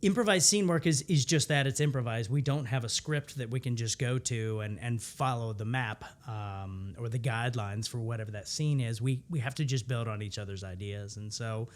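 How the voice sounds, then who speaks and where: A man in his thirties, an improviser, telling stories in a casual interview and acting out quoted lines in a higher voice. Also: moderate pace, few pauses. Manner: animated storyteller, acts out quotes in a higher voice. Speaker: improviser guest.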